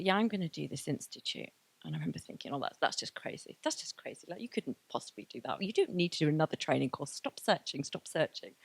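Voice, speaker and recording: At a graduation, a speaker in her thirties tells her personal story openly and with feeling, leaning on plenty of fillers. Her pitch is fairly low, and the recording is dry.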